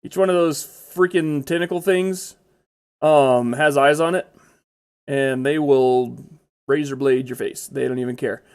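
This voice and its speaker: A man's voice: mid-range voice, fairly even intonation, unhurried, clear, resonant tone. A man giving casual, chatty commentary over his own gameplay, blurting out exclamations when startled.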